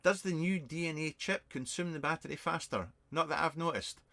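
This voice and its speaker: A British man past fifty chats loosely into a webcam during a live stream. He rambles and stops himself a lot, mixing dry sarcasm with quick apologies. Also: on the high side, bright, forceful tone. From Britain. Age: over 50. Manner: rambling, self-mocking and sarcastic, many fillers. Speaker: vape reviewer and channel host. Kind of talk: casual live-stream chat answering viewer questions. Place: home shed.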